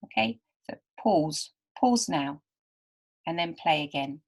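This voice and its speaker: A woman's voice: sits low, expressive, takes it slowly, a little mellow. A woman teaching beginner literacy students, patiently sounding out and repeating words. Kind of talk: slow, careful teaching to beginners.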